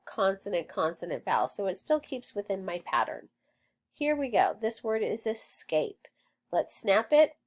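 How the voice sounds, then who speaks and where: A woman teaching a phonics lesson to children, sounding out words and letters patiently and praising often. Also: mid-range voice.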